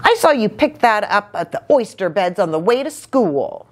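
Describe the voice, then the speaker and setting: A woman voicing an accusing little fish in a children's storybook reading, high and pointed. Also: big pitch swings, moderate pace.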